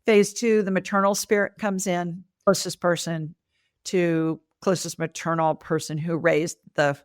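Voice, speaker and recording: An older woman guest on a podcast, telling animated stories and acting out the voices of the people she quotes. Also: fairly low pitch, unhurried, smooth, dry recording, clean studio sound. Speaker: podcast guest, medical intuitive. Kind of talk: conversational storytelling interview.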